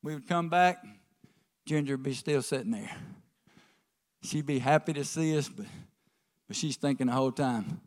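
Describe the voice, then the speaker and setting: A man preaching a folksy sermon, swinging from quiet asides to emphatic calls to the congregation. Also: mid-range voice, moderate pace, pauses often. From American South. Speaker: pastor.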